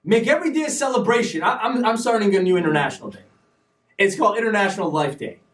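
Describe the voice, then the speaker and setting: A man hosting a live stream show, talking in an animated, preachy way with sudden loud bursts. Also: sits high, fast, reverberant, recorded from a distance. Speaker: show host. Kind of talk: energetic live-stream talk.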